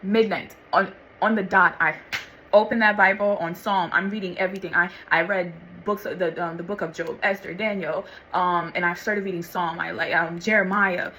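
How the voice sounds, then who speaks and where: A woman telling her personal faith testimony in a casual, animated way, calling listeners honey and y'all and acting out what others said. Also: lowish voice, moderate pace, a little hiss or hum, rough recording. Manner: animated, acts out voices of others and God. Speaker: vlogger sharing faith testimony.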